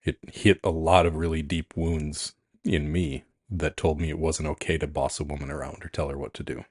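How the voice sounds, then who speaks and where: Man, very deep voice, husky, calm and frank, podcast chat, dry close sound. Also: normal speed, no echo. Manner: calm, frank and reflective, restarts often. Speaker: podcast co-host, coach. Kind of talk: casual chat.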